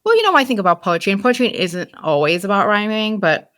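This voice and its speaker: A woman's voice: medium pitch, big pitch swings, quick pace, a bit bright, no echo, clean studio sound. A middle-aged woman hosting a podcast, asking upbeat, chatty questions in a casual interview. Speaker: podcast host.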